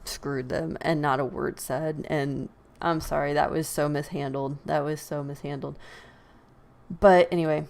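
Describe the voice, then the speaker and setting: Woman, deep voice, vocal fry, opinionated podcast chat, laughing and sighing. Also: a little slow. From United States. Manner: animated, laughs often, sighs. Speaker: podcast host. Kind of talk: opinionated casual commentary.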